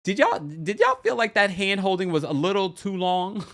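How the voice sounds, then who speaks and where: Animated man recapping reality TV. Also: normal speed, faint music behind. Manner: animated, big pitch jumps, laughs often. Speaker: podcast host. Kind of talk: casual chat recapping reality TV.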